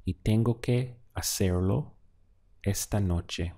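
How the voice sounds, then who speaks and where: A man teaching a beginner language lesson, asking patient prompts and then giving clear model answers. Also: on the low side, animated, slow pace, a little mellow. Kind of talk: slow, deliberate language lesson with pauses.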